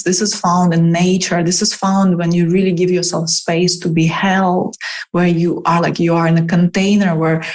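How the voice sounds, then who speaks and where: A woman guest on a podcast, a spiritual mentor who speaks in an unhurried, flowing way full of "like" and acts out her clients' voices as she talks. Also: on the low side, darkish tone. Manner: unhurried, flowing delivery with many "like" fillers. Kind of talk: reflective conversational interview.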